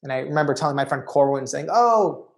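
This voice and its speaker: A man speaking as a conference keynote speaker, telling a story in an animated way and often saying "you know.". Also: medium pitch, racing, vocal fry. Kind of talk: storytelling talk.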